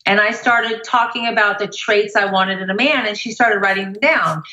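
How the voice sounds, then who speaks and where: Bright, animated woman telling stories. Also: mid-range voice, normal speed, few pauses, roomy sound, lo-fi sound. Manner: animated, upbeat storyteller. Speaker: motivational speaker. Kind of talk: casual interview storytelling.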